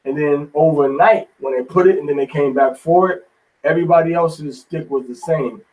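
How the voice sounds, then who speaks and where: A man's voice: a little high, moderate pace, highs cut off. Man, informal Bible study sermon, folksy preaching, distant from the mic.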